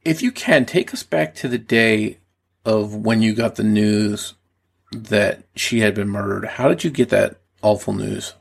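A man hosting a podcast interview, asking careful, gentle questions. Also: on the low side, measured pace, creaky, breathy edge.

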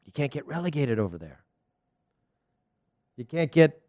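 A man's voice: on the high side, a little slow, pauses often, no echo. A middle-aged man hosting a soccer show, giving a casual, rambling opinion monologue from a studio. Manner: animated, rambling, frequent restarts.

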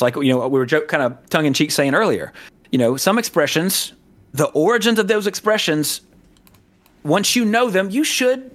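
Man from the American South, fairly high voice, rambling, lots of fillers and restarts, casual podcast chat. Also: a bit bright. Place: Southern California.

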